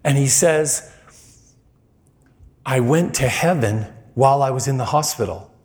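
Male preacher, church sermon, animated storyteller who leaps high for quoted lines. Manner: animated storyteller, voice jumps high when quoting people.

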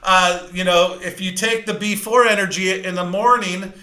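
Brief: energetic male sales coach, high bright voice, punchy and fast, roomy echo. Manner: fast-talking, energetic, emphatic. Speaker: sales trainer. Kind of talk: live training talk.

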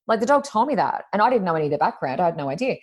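A woman's voice: lowish voice, very animated, very fast. A woman, a psychic medium, chatting in an interview with many fillers, acting out what people said. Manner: chatty, lots of "you know" fillers, acts out quotes. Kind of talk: casual interview storytelling.

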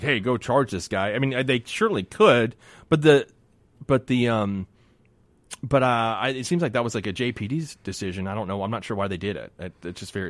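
A man co-hosting a radio talk show as a former prosecutor, telling animated stories and hedging on touchy points. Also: mid-range voice, dry recording. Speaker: radio co-host, former assistant district attorney. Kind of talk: casual radio talk and storytelling.

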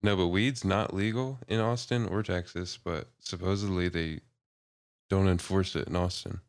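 A man with a low, deep voice who chats in a relaxed way on a podcast and laughs easily. The recording is dry, with little room sound. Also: moderate pace, no room sound. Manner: laid-back, laughs often. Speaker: podcast co-host. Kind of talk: casual chat.

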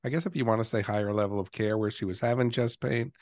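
A man hosting a podcast, talking in a relaxed conversational way with a co-host. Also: lowish voice, quick pace, no echo, clean studio sound. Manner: energetic intro then relaxed conversational. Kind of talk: casual chat.

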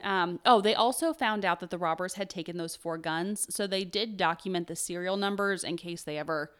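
A woman's voice: lowish voice, brisk, fairly bright tone, smooth. Chatty young woman podcast host. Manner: chatty, lots of fillers and "like". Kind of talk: casual chat.

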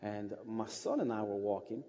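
Man, slight Russian twang, mellow voice, rambling church storytelling, long hall reverb. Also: lowish voice, lively intonation, normal speed. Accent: slight Russian-tinged American. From Ohio, USA. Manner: folksy, rambling, with restarts. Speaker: missionary guest speaker. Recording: muffled hall recording.

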